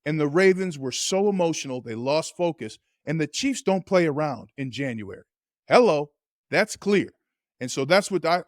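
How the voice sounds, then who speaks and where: Male podcast co-host and former player, slightly high-pitched, animated storyteller, dry close-miked sound. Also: dry recording. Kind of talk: casual chat.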